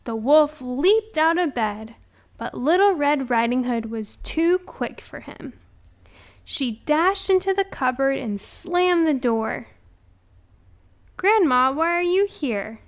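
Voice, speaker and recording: A woman reads a children's storybook aloud at a slow, deliberate pace. Her voice is a little high and her narration is carefully scripted. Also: expressive. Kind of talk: scripted read-along narration.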